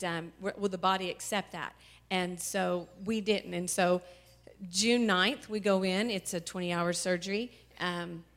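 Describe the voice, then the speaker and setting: A woman telling her family's story as a church testimony, tearful and halting, with many pauses and fillers. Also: medium pitch, fairly bright tone. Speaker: mother sharing a testimony. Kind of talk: emotional personal testimony. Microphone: handheld microphone.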